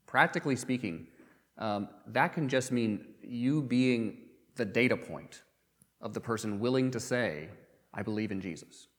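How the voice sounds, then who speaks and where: A man preaching a sermon in a conversational way, often pausing with um and uh and repeating words as he goes. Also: mid-range voice, expressive, a bit bright, in a large hall. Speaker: pastor.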